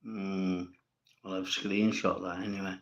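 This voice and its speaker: A man's voice: low voice, flat delivery, measured pace, muffled recording. A man hosting a casual livestream, reading viewers' comments and answering them bluntly, with plenty of swearing and rambling. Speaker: livestream host.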